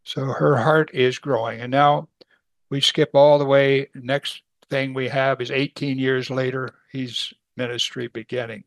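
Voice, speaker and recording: A man's voice: mid-range voice, little pitch movement, a little slow, creaky, no echo. A middle-aged man teaching a Bible passage in a folksy, conversational way, chuckling and acting out the people in the story. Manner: folksy, chuckles, acts out voices.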